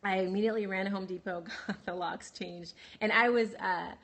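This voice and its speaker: A woman of middle pitch speaks into a phone on a live broadcast. She tells her own story in a candid way, full of fillers and restarts and broken by quick laughs. She stops now and then to answer viewers by name. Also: steady tone, fairly bright tone. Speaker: livestream host. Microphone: phone livestream.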